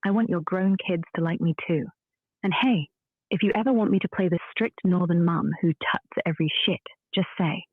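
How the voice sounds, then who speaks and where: Brief: AI woman voice, calm and wry, slightly breathy, heard through a tinny phone speaker. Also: on the low side, normal speed, dry recording. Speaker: AI chat companion. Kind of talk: conversational reply.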